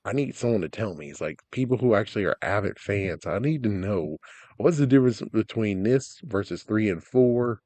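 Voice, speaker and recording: A young man casually commenting on game announcements, rambling, ranting loudly at times and then trailing off into mumbles. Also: fairly low pitch, lively intonation, moderate pace. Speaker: gaming vlogger.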